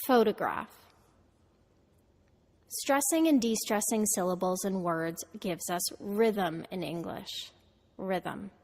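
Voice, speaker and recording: A woman narrating a scripted pronunciation lesson, modeling words slowly and clearly for listeners to repeat. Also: medium pitch, a little mellow. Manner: slow, deliberate, models words for repetition. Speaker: pronunciation teacher. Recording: reverberant audio played through a video call.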